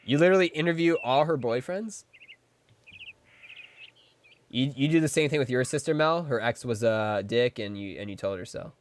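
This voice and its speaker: A man's voice: medium pitch, moderate pace, pauses often, slight background noise. A man streaming a game live, chatting playfully with his viewers and slipping into silly voices. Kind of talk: casual live-stream chat with gameplay.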